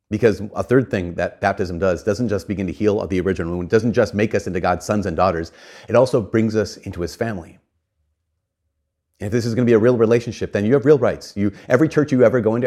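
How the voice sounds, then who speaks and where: A lowish-voiced man preaches earnestly and with animation, narrating a story sprinkled with casual asides. His phrases are often repeated and restarted.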